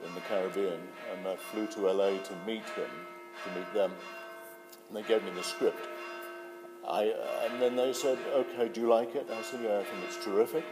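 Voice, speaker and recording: Older British actor telling anecdotes. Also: male voice, fairly low pitch. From Britain. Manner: relaxed storytelling with hesitant fillers. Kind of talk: interview anecdote. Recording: hall reverb with faint music.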